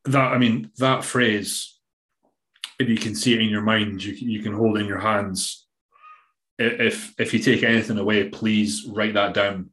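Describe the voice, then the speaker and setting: A man's voice: lowish voice, fairly even intonation, moderate pace, fairly bright tone, roomy sound. A Scottish man, a bodybuilding coach, talking in a rambling, emphatic way in a casual podcast interview, now and then swearing. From Scotland.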